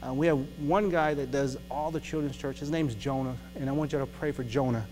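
A man's voice: medium pitch, fairly even intonation, brisk. A man preaching a casual testimony sermon, often laughing as he tells a story. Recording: reverberant hall with music.

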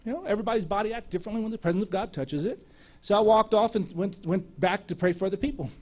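A man preaching, telling a lively story and acting out the dialogue of the people in it. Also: high-pitched, quick pace. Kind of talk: sermon storytelling.

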